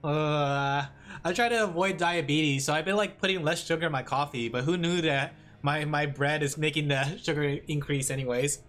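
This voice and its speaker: A woman streamer chatting casually and rambling with lots of fillers, excitable and quick to laugh. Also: sits low. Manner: excitable, breaks into laughs and shouts. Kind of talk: casual live-stream chat.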